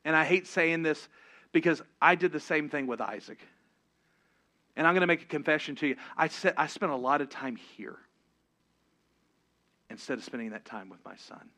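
A middle-aged pastor preaching a sermon, swinging from loud, driving exhortation down to hushed, confessional moments. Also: male voice, on the high side, moderate pace, pauses often.

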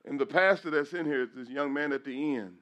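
A middle-aged man preaches in church, his voice sitting a little above the usual male pitch. He is openly emotional, his voice breaking at times. He repeats phrases and lifts his voice when he turns to praise. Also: brisk, a bit bright, dull audio. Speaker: pastor.

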